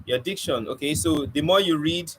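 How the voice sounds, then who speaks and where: Man, poetry teacher, conversational, slightly high pitch, faint background hiss. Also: normal speed, poor audio. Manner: conversational, restarts and searches for words. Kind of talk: informal spoken lesson.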